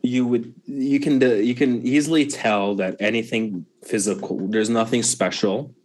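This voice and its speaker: A man who is the game master of a tabletop game, describing scenes in a slow, measured way. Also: mid-range voice, steady tone, a little mellow, a little hiss or hum.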